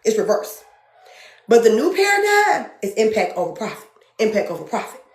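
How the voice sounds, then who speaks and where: A woman's voice: fairly high pitch, very animated, normal speed, reverberant. A woman speaking as a podcast guest in an earnest, emotional way, often repeating phrases for emphasis. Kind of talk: passionate spiritual conversation.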